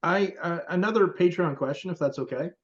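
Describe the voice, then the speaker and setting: A male interview host asking a listener's question, halting, with many fillers. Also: high voice. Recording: dull lo-fi audio.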